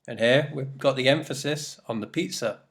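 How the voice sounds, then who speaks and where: A man's voice: mid-range voice, normal speed. A man teaching an English grammar lesson in a recorded presentation, explaining step by step and repeating his examples.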